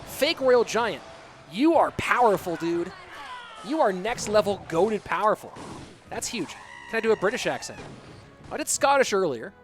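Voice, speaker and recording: A man casting a live online game tournament, calling plays and chatting with viewers in an excitable way. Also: high-pitched, moderate pace, faint music behind. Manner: excitable, hyped shout-outs to viewers. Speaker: esports caster and streamer. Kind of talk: live game commentary reading chat.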